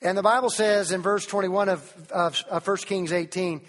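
A preacher from Tennessee, delivering an animated sermon that keeps putting questions to the congregation and quotes King James scripture. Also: high-pitched, moderate pace, hardly any pauses, big-room sound.

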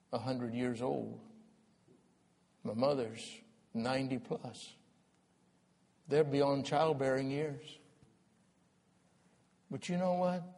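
A man pastor preaching a sermon as a story, dramatic and swinging from loud to hushed. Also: medium pitch. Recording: long hall reverb.

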